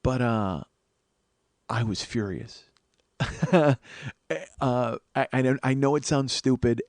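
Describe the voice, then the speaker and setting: A man's voice: mid-range voice, slow pace, dry recording. Profane storytelling man, dry close sound. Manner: profane, self-deprecating, emphatic storytelling. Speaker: comedy podcast host. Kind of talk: storytelling monologue.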